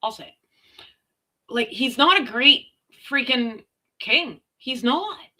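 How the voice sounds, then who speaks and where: Blunt, lively-voiced sarcastic woman vlogger. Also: on the high side, takes it slowly. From Canada. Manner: blunt, sarcastic, slangy, mild swearing. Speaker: commentary vlogger. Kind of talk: casual ranting commentary.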